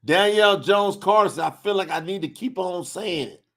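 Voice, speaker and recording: A man's voice: sits high, moderate pace. A man hosting a religious livestream, reading chat comments aloud and preaching. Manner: animated, preacher-like, shouts at times. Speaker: religious talk host.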